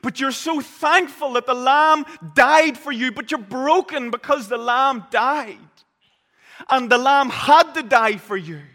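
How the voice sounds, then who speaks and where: A man preaching a sermon, telling the story vividly and swinging between loud, urgent passages and hushed ones. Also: very high-pitched, unhurried. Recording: long reverb of a large hall.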